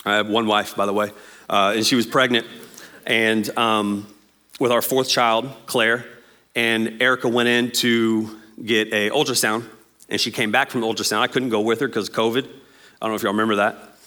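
A man, preaching a sermon as pastor in an animated, jokey way and acting out quotes. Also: on the low side, moderate pace.

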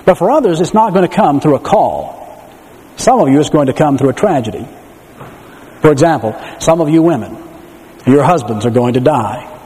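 Animated preacher with mellow tone. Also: male voice, on the high side, a little fast. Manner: animated storytelling with rhetorical questions. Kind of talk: sermon. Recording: echoey hall reverb.

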